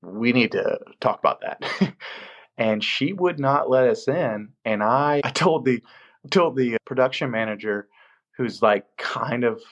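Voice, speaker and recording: A man's voice: medium pitch, unhurried, highs cut off. A man, a film location manager, telling stories from work in a casual interview and acting out the people he quotes. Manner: animated storyteller, acts out quoted voices.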